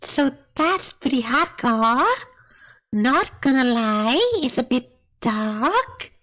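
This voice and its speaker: A woman's voice: a little high, expressive, slow pace, fairly bright tone, low-quality recording. Chatty woman streamer. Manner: chatty, repeats "not gonna lie", laughs often. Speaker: streamer reviewing episodes. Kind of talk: casual live-stream chat.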